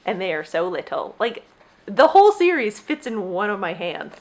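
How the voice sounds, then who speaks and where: A woman's voice: medium pitch, sing-song, moderate pace, slight background noise. A young adult woman hosting her own podcast, chatting casually and rambling with gushing enthusiasm. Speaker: podcast host. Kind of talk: casual solo chat.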